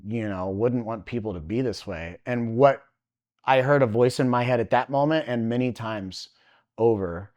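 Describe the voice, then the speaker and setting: Man telling a vivid personal testimony. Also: medium pitch. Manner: animated, halting, heavy use of "like" fillers. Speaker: podcast guest.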